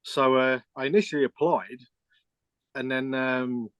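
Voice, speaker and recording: A man's voice: mid-range voice, fairly even intonation, a little slow, fairly bright tone, clean tone, no echo. A middle-aged man, a keyboard player, telling a rambling story with restarts and quoted dialogue in a casual interview.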